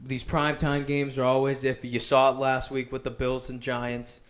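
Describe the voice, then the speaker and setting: A young man hosting a casual sports betting podcast, loud and laughing, swearing often. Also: mid-range voice, monotone, moderate pace. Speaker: podcast host.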